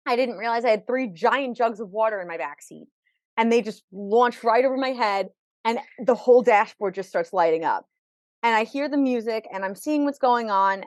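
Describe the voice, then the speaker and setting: A woman's voice: a little high, no room sound. A woman who is a podcast guest, telling her life story vividly with quoted dialogue. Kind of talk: personal storytelling in an interview.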